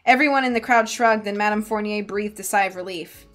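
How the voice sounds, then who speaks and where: A woman's voice: mid-range voice, brisk, hardly any pauses, faint music behind. A woman live-streaming a book reading, narrating plainly and breaking off for chatty, giggly asides.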